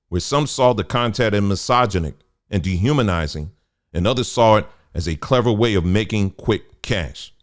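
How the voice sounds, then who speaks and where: Low-voiced man reading with heated asides. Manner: conversational, stops to add remarks, gets heated. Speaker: commentary host. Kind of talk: reading an article aloud with commentary.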